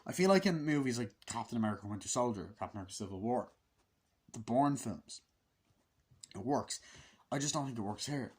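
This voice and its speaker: A man's voice: medium pitch, animated, darkish tone, breathy edge. A man giving a casual, blunt and profane film review, griping about a movie and acting out its scenes. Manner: profane, blunt, acts out scenes in quick put-on voices.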